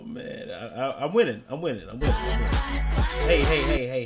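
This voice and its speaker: A man hosts a live stream, reacting to clips with loud, slangy jokes. His voice swoops and bounces with lively pitch. Faint music plays under him. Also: moderate pace, long pauses. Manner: loud, joking, slangy reactions with sudden laughs. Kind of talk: casual live-stream commentary.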